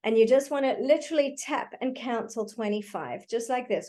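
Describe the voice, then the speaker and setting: A woman giving a live online talk to parents, teaching calming techniques in a warm, reassuring way and checking in often with "okay". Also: a little high, normal speed, few pauses. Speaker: parenting educator. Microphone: computer mic on a video call.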